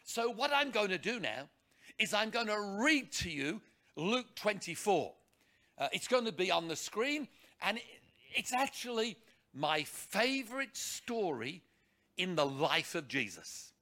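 A male preacher delivering a sermon in a high, lively voice that leaps around. His tone is bright and forceful with a gravelly edge, and he hammers points home with rhetorical questions and repetition. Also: unhurried.

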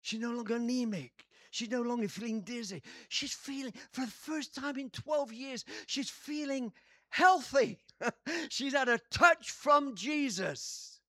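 A man preaching a sermon, telling a story dramatically and acting out quotes with sudden shouts. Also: extremely high pitch, unhurried, dry recording, studio quality.

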